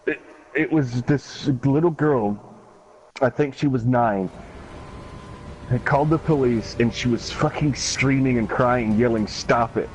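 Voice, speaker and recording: A man's voice: medium pitch, a little slow, long pauses. A man hosting a gaming channel, who tells rambling stories in casual chat and swears freely. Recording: dull lo-fi stream recording with faint noise.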